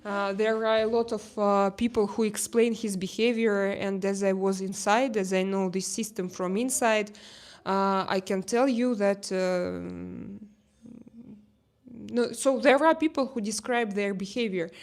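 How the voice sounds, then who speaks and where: A woman with a Russian accent hosting a casual livestream chat, reading viewer comments and pausing often with fillers and restarts. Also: medium pitch, darkish tone. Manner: hesitant, many fillers and restarts. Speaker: livestream host. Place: outdoor terrace.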